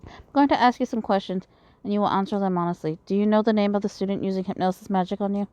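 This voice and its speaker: A woman reading as a polite, quietly sinister young man. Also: mid-range voice, fast, smooth, no room sound, highs cut off, close to an everyday voice. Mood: gentle, coaxing. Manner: polite, soft-spoken and calm.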